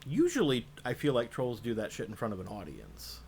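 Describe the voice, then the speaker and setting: A man co-hosting a podcast, telling a story in a casual, profane, animated way and mimicking the people in it. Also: mid-range voice, brisk, slight background noise. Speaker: podcast co-host. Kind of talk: casual chat.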